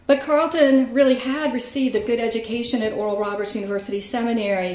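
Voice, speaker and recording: A woman narrating a true story in a measured, grave way, often dropping low at the end of phrases. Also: darkish tone. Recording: roomy echo.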